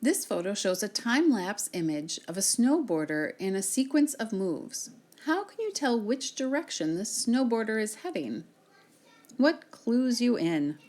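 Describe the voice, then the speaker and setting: A woman teacher giving a recorded reading lesson, sounding out words slowly and clearly for her students. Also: a little high, sing-song, darkish tone.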